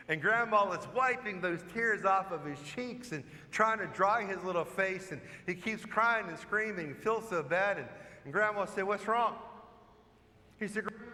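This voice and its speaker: High bright-voiced priest preaching in church. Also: male voice. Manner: storytelling, conversational preaching with rhetorical questions. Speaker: parish priest. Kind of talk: sermon. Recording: long church reverb.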